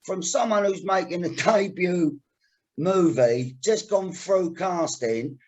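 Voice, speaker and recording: South East London man, podcast host, rambling, swearing, high-pitched voice. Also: expressive, takes it slowly, a little mellow. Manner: rambling storyteller, swears freely. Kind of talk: casual chat.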